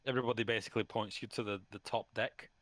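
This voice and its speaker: A man narrating a tabletop game as game master, often pausing with ums and restarts. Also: on the low side, steady tone, a bit bright, no echo. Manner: halting, full of ums and restarts.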